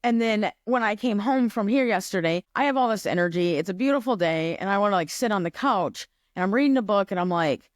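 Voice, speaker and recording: A woman's voice: fairly high pitch, lively intonation, normal speed, no room sound, clean studio sound. A woman co-hosting a podcast, telling a personal story in a casual, reflective way. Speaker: podcast co-host. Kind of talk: casual chat.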